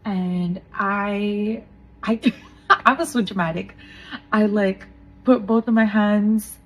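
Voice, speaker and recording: A woman in her thirties co-hosting a faith podcast, telling a personal testimony in an earnest, emotional way with soft laughs. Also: medium pitch, fairly even intonation, slow pace, dull audio. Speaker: podcast co-host.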